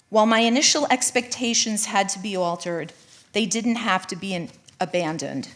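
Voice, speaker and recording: Middle-aged woman, writer reading her personal essay live; measured, earnest delivery, mid-range voice. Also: mid-range voice, a bit bright. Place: college event space, live audience.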